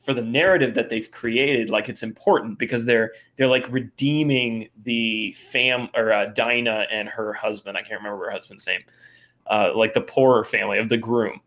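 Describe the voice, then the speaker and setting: A man's voice: fairly low pitch, steady tone, moderate pace, fairly bright tone. A man co-hosting a podcast, discussing a film hesitantly and thinking aloud with lots of fillers. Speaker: podcast co-host. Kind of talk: casual chat discussing a film.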